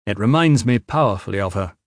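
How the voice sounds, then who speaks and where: A man voicing a weary, guarded lord who speaks quietly with dry humor in an audiobook. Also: fairly low pitch, expressive, fast, no room sound. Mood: wry. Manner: quiet, wry.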